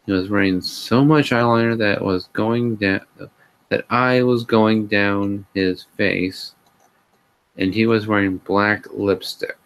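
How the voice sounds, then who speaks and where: A man's voice: fairly low pitch, steady tone, slow. A man hosting a sarcastic comedic live reading, with exasperated sighs and asides. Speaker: host reading a fan fiction aloud.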